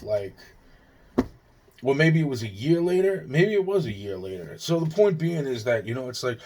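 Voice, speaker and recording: A vlogger from Long Island, New York, rambles through an agitated, profane personal monologue, frequently restarting his sentences. His voice is medium-pitched with a darkish tone.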